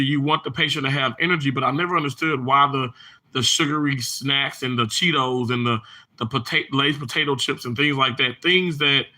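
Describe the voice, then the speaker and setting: A man chatting on a livestream with a very bright, forceful voice pitched a little high. He rambles through stories with restarts and fillers, and greets his viewers by name. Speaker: livestream host reading chat. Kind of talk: casual live chat.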